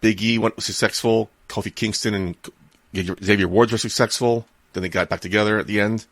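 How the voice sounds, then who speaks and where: Low-voiced man, dry close sound. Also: steady tone, brisk, no echo. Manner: easygoing, thinks aloud with repeats. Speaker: podcast co-host. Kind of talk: casual wrestling podcast chat.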